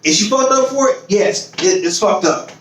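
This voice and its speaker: A man's voice: high-pitched, animated, moderate pace, a bit bright, roomy sound, far from the mic, a little hiss or hum, poor audio. A man hosting a podcast in casual chat, swearing freely, acting out other people's voices and laughing often. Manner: swears freely, repeats phrases while building a point. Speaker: podcast host.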